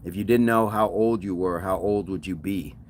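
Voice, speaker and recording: A man's voice: deep voice, normal speed, slight background noise. A man hosting a fitness livestream, chatting casually and answering viewer comments with encouragement.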